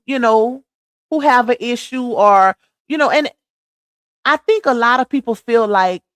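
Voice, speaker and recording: A woman's voice: fairly high pitch, no echo. Dry-voiced chatty woman livestreaming. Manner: chatty and preachy, addresses viewers as y'all. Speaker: livestream host. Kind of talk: casual livestream chat.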